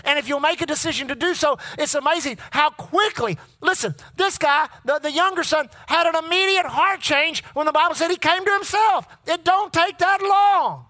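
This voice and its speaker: Preacher mid-sermon with a sharp, bright voice, leading the crowd to echo lines back. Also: high-pitched, a little fast, hardly any pauses. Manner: call-and-response with the congregation; reads scripture in King James wording.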